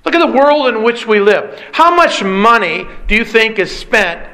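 High-voiced man preaching emphatically. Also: sing-song, normal speed, pushed and bright, rough recording. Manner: emphatic, repetitive preaching cadence. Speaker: pastor. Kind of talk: sermon.

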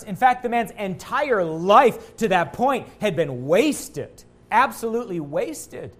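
A man preaching a sermon as a pastor, earnest, rising louder on quotations and dropping low and quiet at key points. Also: lively intonation, normal speed.

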